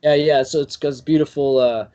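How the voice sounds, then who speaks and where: A young man, a podcast guest, telling stories in a rambling, animated way full of fillers. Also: a little high, muffled recording. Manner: rambling, filler-heavy, animated with quick bursts. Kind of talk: casual storytelling chat.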